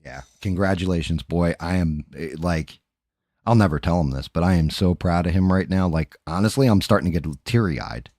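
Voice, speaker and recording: A middle-aged man hosts a livestream from home, chatting candidly and casually with viewers, rambling and swearing freely. His deep, slightly mellow voice moves at normal speed in a studio-quality recording with no room sound.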